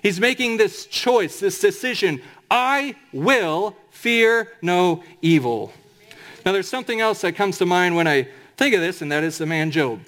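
Male pastor with a high voice, emphatic sermon delivery that slows to stress scripture. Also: fairly bright tone. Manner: emphatic preaching with slowed, drawn-out scripture quotes.

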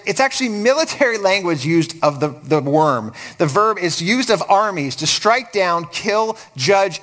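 A male preacher giving a sermon, retelling a Bible story in an animated, explanatory way. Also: high-pitched.

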